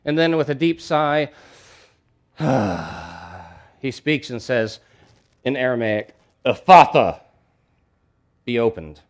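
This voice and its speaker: A man preaching a sermon in a conversational, emphatic way, with asides and frequent restarts. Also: mid-range voice. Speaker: pastor.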